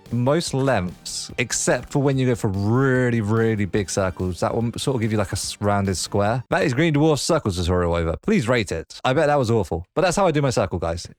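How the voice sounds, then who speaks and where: A young man talks his way through a let's play, his voice swinging widely up and down as he goes. He chats fondly to the creatures on screen like old friends. Faint music plays underneath. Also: mid-range voice. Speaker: gaming video host. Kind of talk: casual let's play commentary.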